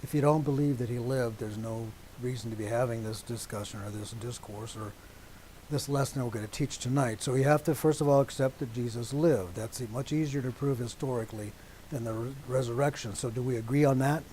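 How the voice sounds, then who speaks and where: A man preaching a teaching sermon to a congregation, deliberate and emphatic, stopping often to check that his listeners agree. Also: medium pitch, steady tone, mellow, slight background noise, poor audio.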